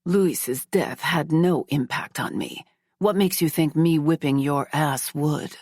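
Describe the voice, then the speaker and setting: A woman voicing a cold, dangerous, dominating man in a romance audiobook, in a slow, low, menacing murmur. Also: darkish tone, dry recording, studio quality, heavily acted.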